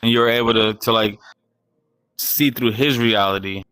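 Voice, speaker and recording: A man's voice: lowish voice, steady tone, normal speed, fairly bright tone, clear, resonant tone, dry recording, poor audio. A man co-hosting a podcast, telling a long, detailed, rambling story in casual chat. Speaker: podcast co-host.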